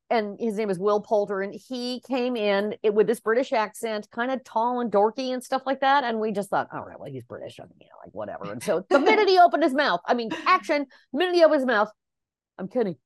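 Animated woman telling casting stories. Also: on the high side, fairly quick, no echo, clean studio sound. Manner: animated and expressive, with many fillers and restarts. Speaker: casting director, guest. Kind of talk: casual interview storytelling.

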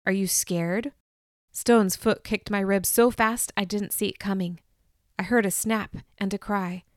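A woman reading a novel aloud in first person, measured and expressive. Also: mid-range voice, no room sound, clean studio sound. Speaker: audiobook narrator. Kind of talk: first-person storybook narration.

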